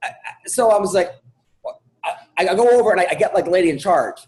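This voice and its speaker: A man with a notably high voice hosts a comedy podcast. He tells a long story casually, stumbling over his words, restarting sentences and leaning on filler words. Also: quick pace, crowd noise, poor audio.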